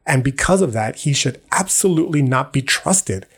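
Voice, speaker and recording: A young man talks into his podcast mic, blunt and profane, with plenty of street slang. His voice sits in a middle range and has a husky edge. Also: mid-range voice, animated, moderate pace. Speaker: podcast host. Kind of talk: casual monologue.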